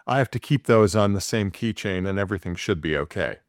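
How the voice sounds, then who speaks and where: A man's voice: fairly low pitch, expressive, brisk, no room sound, clean studio sound. A man in casual chat, telling a long story with many fillers and restarts.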